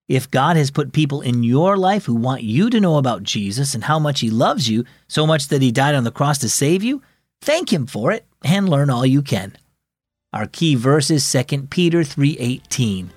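A man hosting and narrating a children's devotional story in a gentle, expressive storytelling manner. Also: fairly high pitch, normal speed, no room sound, clean studio sound. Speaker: host and narrator.

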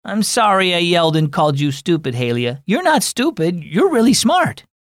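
A man doing a high-voiced hot-tempered boy. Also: sing-song, normal speed, a bit bright, no room sound, clean studio sound. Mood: remorseful. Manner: high, strained boyish voice. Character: upset young boy, quick-tempered then sorry.

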